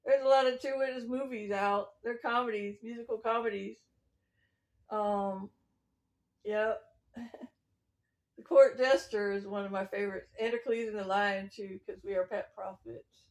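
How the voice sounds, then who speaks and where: A woman's voice: mid-range voice, steady tone, measured pace, long pauses. A woman giving a meandering religious testimony, preachy and chuckling between thoughts. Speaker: self-styled prophet.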